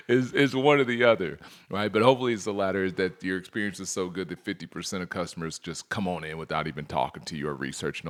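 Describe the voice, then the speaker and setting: A man coaching salespeople in a training presentation, energetic, firing rhetorical questions at his audience and acting out customer dialogues. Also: fairly low pitch.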